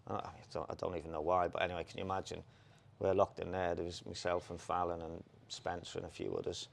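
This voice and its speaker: Deep, gravelly ex-jockey storyteller. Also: male voice, fast. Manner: animated anecdotes, laughs, quotes people in put-on voices. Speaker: former jockey, co-host. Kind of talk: casual storytelling chat.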